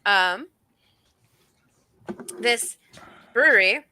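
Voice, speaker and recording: A woman's voice: mid-range voice, animated, drawn-out words, bright, forceful tone, a little hiss or hum. A woman in casual livestream chat, blunt and joking.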